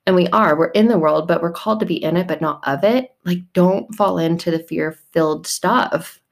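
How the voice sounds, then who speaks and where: A woman's voice: lowish voice, moderate pace, creaky. A woman in her thirties giving a casual devotional talk, bubbly and chatty, often breaking into laughter. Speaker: faith vlogger.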